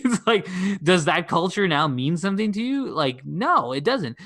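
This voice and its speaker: A man's voice: on the high side, very animated, normal speed, hardly any pauses, a bit bright, no room sound, studio quality. A man co-hosting a podcast in casual chat, meandering and thinking aloud as he restarts his sentences. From Canada. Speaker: podcast co-host.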